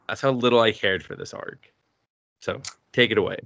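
A man's voice: fairly low pitch, normal speed, gravelly, a bit bright, dull audio. A man co-hosting a podcast in casual chat, ranting in an exasperated, profane way. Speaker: podcast co-host.

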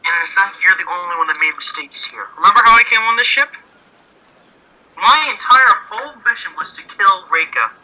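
A man's voice: high-pitched, animated, fairly quick, sharp tone, heavily acted. A man playing an earnest grieving crewmate. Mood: firm. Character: earnest man consoling his captain over his dead brother. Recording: phone-like lo-fi line.

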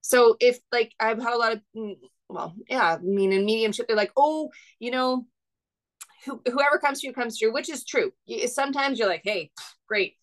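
Higher-voiced reflective woman co-host. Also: normal speed, rough recording. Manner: reflective and thoughtful, agreeing often. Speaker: podcast co-host and medium. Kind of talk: casual chat.

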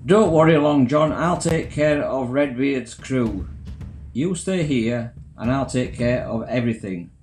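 A man's voice: medium pitch, a little slow, a little mellow, faint music behind, lightly acted. A man voicing a confident male detective who reassures and gives orders, in a storybook reading. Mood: reassuring.

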